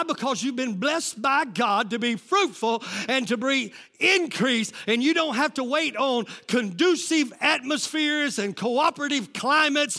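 A man preaching a sermon as lead pastor, calling out to the congregation and shouting rising lines. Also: very high voice.

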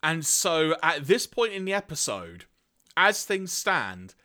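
A male podcast host retells a cartoon episode in casual chat. His pitch rises and falls a lot, and his voice is bright and forward. He talks with storyteller energy. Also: slow. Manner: storytelling, animated.

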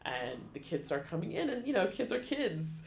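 A man telling a personal story in an interview, halting, with many restarts and fillers, becoming emotional. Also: high voice, sing-song, gravelly, reverberant, a little hiss or hum. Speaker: guest, theater education staff. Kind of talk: conversational storytelling.

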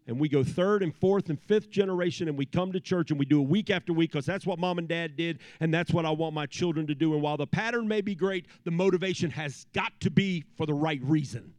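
A man preaching a sermon in church, swinging from hushed tones to shouting. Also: on the high side, no room sound. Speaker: pastor. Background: soft piano keys.

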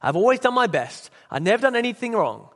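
Here the preacher, reading aloud, plays an indignant male ghost who blusters and insists on his rights. It's heavily acted, very animated and fast, pitched high and pushed hard with a fairly bright tone. A long echo rings out as though in a church hall.

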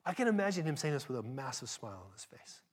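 A man preaching a sermon, speaking emphatically and directly to his congregation, swinging between loud emphasis and hushed asides. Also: mid-range voice, sing-song, quick pace.

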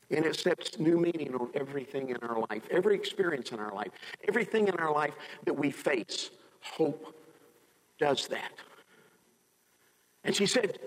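Gravelly preacher man in a reverberant hall. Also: a little high. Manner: emphatic, quotes others in a raised dramatic voice. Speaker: pastor. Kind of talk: sermon. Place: church sanctuary.

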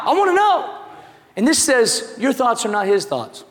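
A man in his thirties preaching a sermon, animated and jokey, with emphatic shouts. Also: extremely high pitch, normal speed. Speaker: pastor. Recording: echoey hall.

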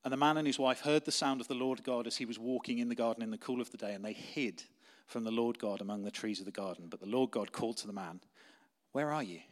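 A young adult man delivering a sermon as pastor, his voice sitting at an ordinary middle pitch. He talks conversationally, weaving in personal stories. He drops to a hushed, intense tone when he presses a point home. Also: fairly even intonation, fast talker. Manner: conversational, anecdotal preaching, softening to quiet intensity.

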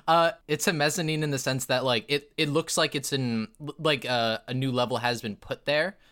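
Bright-voiced male game master. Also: medium pitch, fairly even intonation, moderate pace. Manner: rambling, filler-heavy narration with frequent laughs. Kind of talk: narrating a tabletop game.

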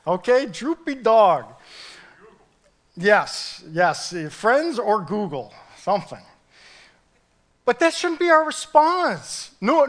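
High-voiced, animated man preaching. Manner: animated, emphatic preaching with rising peaks. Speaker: pastor. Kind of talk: sermon.

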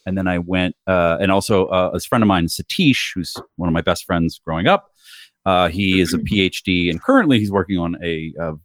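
A man hosting a podcast, telling stories in a casual, animated way and acting out what his friends said. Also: sits low, a little fast, no room sound, studio quality. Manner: animated storyteller who acts out quoted friends. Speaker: podcast host.

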